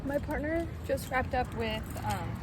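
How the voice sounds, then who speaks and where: A woman's voice: sits high, expressive, unhurried. A young woman in her twenties chatting casually to the camera in a vlog, swearing now and then. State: out of breath. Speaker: vlogger. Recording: noisy background.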